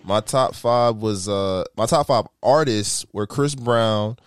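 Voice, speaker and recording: Laid-back low-voiced podcast guy. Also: takes it slowly, smooth, no echo. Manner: laid-back, laughs easily, dry teasing. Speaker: podcast co-host. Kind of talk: casual podcast chat.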